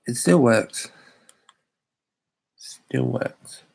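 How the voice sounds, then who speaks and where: A man's voice: medium pitch, drawn-out words, gravelly, darkish tone, slightly rough. A young Australian man chatting casually on a live stream, rambling and hesitant with many fillers.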